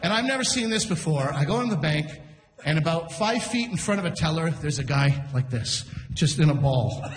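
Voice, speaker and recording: A man hosting a live comedy show, telling a story on stage in a chatty, animated way, acting out the people in it. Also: fairly high pitch, normal speed. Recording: echoey hall from a distance.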